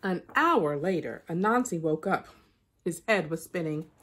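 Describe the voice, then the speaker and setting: A woman reading a children's picture book aloud in an expressive storytelling manner. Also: fairly low pitch, measured pace, husky. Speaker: storybook reader.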